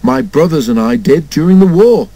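A man's voice: a little high, lively intonation, moderate pace, dark tone, no room sound. Green Arrow, a scoffing strong engine, voiced by a man. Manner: scoffing, self-assured. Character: confident, strong adult male express engine. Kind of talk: storybook character voice.

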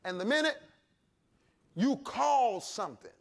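A male pastor preaching a sermon, shouting and calling on the congregation to answer back. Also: very high-pitched, animated, measured pace. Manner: preaching with shouts and call-and-response.

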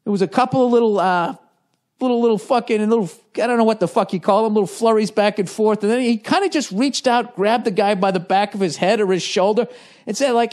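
A man's voice: high-pitched, fairly quick. A man, a comedian hosting a podcast, telling a story in a casual, rambling monologue full of swearing and restarts. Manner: profane, animated storytelling with many restarts.

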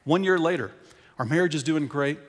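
A middle-aged American man preaching a sermon, telling a story, swinging between loud emphasis and quiet intensity. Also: on the high side, fairly quick. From United States. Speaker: pastor. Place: large church auditorium. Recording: long hall reverb in church.

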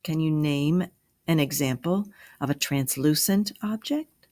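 A woman teacher reading a story aloud, then asking and answering review questions in a clear, measured way. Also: low voice, a little mellow.

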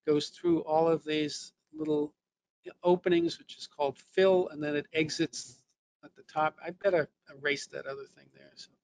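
A man's voice: fairly high pitch, lively intonation, normal speed, vocal fry, a little mellow, a little hiss or hum. A man with a New England accent giving a casual technical lesson, explaining things step by step with frequent fillers. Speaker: technical trainer.

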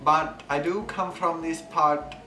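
A man's voice: fairly high pitch, fairly even intonation, slow pace, pushed and bright, pitched above the performer's own voice. A man putting on a fed-up grumbler with a lilting, indignant sing-song. He is heard from a distance in a roomy space. Music runs underneath.

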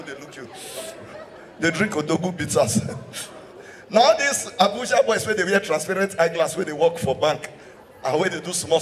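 A man with a Nigerian accent performing live stand-up comedy, switching between English and Pidgin and laughing at his own jokes. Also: on the high side. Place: live show venue in a hall. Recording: hall reverb from a live stage mic.

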